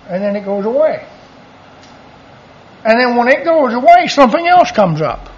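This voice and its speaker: Male preacher, husky, folksy animated sermon, muffled lo-fi recording. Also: high voice.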